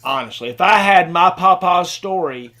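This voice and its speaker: High-pitched man, video-call host, rambling and repetitive. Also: animated, moderate pace. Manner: rambling, repeats words, warm thanks. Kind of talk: casual video-call chat.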